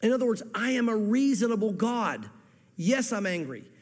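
A man's voice: sits high, sing-song, moderate pace. A man preaching a sermon as pastor, fervently quoting scripture and repeating his words for emphasis. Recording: echoey hall reverb.

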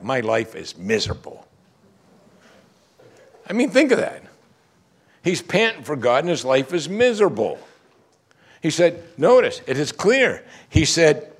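Animated middle-aged male preacher. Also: mid-range voice, moderate pace, pauses often. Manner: animated preaching, swinging between emphatic and hushed. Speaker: pastor. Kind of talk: sermon.

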